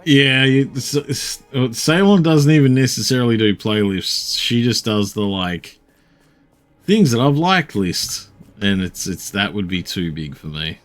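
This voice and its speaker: A man's voice: medium pitch, animated, unhurried. A man streaming a game, chatting casually in a rambling, swear-laden way with frequent fillers. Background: faint game music.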